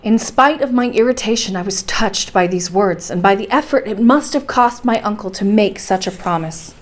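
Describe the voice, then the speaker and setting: A woman narrating a bedtime story for a library, calm and steady. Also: mid-range voice, normal speed.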